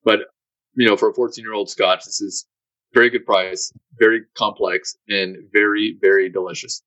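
A man's voice: on the low side, steady tone, moderate pace, bright, forceful tone, dry recording, rough recording. A man co-hosting a podcast in casual chat, often stammering and repeating words. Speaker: podcast co-host.

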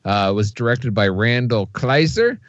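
A man's voice: medium pitch, sing-song, moderate pace, dry recording, dull audio. A man co-hosting a movie podcast in casual chat, easygoing, laughing along and reading out movie details. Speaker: podcast co-host.

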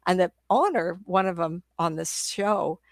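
Older woman, psychic guest, lowish voice, chatty storytelling, frequent laughs, video call from home, dry sound. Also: a little slow, no echo. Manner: animated, chatty, laughs often, many restarts. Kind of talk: casual interview storytelling.

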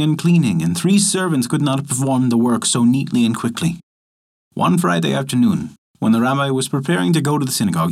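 A man reads an old folktale aloud in a measured, storytelling manner. His voice is husky, and his pitch rises and falls a great deal as he narrates. It is a scripted storybook reading.

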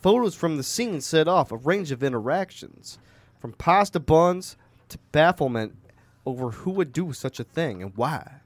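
A man's voice: a little high, expressive, moderate pace, dry recording, pitched above the performer's own voice, natural voice. A man putting on an Italian-American mob boss accent to read a news story as a joke. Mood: mock-gangster swagger. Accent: put-on New Jersey Italian-American. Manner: gruff, profane, gestures with his hands. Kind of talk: comic impression reading a news story.

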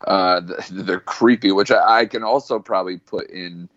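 Man, deep voice, rambling filler-heavy podcast chat, dull lo-fi sound, dry. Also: steady tone, moderate pace, a bit bright, no echo. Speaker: podcast guest.

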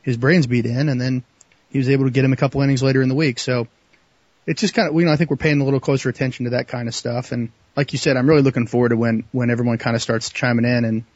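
Fast-talking man as a podcast guest. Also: medium pitch, steady tone, darkish tone, dry recording, muffled recording. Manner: halting, restarts often. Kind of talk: casual podcast chat.

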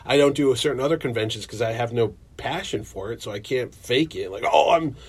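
A man's voice: a little fast, slightly rough. A man who runs a comic convention, chatting casually and acting out quotes from his stories. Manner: animated storyteller, acts out quotes in a higher excited voice. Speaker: convention promoter. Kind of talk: casual chat.

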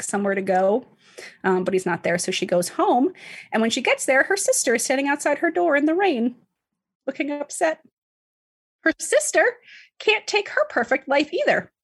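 A woman's voice: high voice, expressive, moderate pace, husky. A woman casually recapping a story to a co-host, chatty, full of fillers and swearing. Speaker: podcast host recapping a book. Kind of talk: casual chat.

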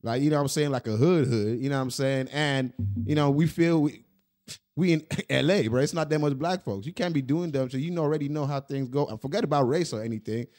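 A man's voice: medium pitch, a little fast, a little mellow. Rambling man hosting a casual chat. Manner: rambling, many fillers like "you know what I'm saying". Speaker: host.

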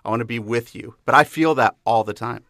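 A man sharing his feelings about faith in a casual conversation, sincere and softly affirming. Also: medium pitch, brisk, dry recording.

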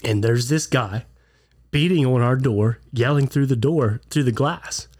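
A man's voice: mid-range voice, a little slow, darkish tone, husky. A man chats on a podcast. His voice sounds stuffed up and congested from a clogged ear. He tells stories loosely and acts out the lines of people he quotes. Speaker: podcast co-host. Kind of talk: casual chat.

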